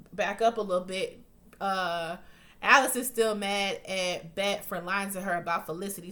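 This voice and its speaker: A woman's voice: medium pitch, a bit bright. Profane, chatty woman recapping a show. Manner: profane, blunt, chatty, acts out quotes. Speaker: TV recap vlogger. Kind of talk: casual recap.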